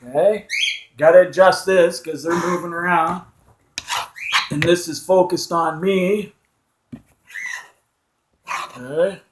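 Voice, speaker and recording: A woman in her fifties rambles along slowly in a fairly high voice, chatting to herself and cooing to her pet birds. The sound comes from a cell phone in a roomy, echoey space at home, with a faint hiss underneath. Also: fairly even intonation. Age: 50s. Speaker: vlogger. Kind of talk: casual solo chat.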